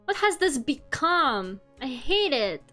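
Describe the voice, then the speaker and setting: A woman's voice: high voice, very animated, slow, bright, forceful tone, faint music behind. A young woman streaming from home, chatting casually with her viewers and laughing at herself often. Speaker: VTuber streamer.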